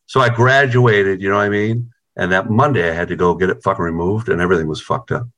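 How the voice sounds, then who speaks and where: A guitarist telling stories in a casual interview over a video call, rambling and swearing constantly. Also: male voice, low-pitched, fast, a bit bright. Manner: rambling, profane, heavy on "you know". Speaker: guitarist in a band.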